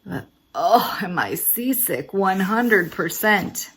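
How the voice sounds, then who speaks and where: A woman voicing a gentle, faithful male elephant in a storybook, speaking softly and earnestly. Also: mid-range voice, expressive, slow pace, a little hiss or hum.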